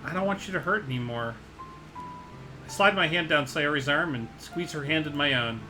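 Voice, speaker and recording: A man voicing an earnest young male protagonist with a steady, even reading, in a fan playthrough of a visual novel. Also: fairly high pitch, normal speed, soft background music, rough recording. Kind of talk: voice-acted game reading.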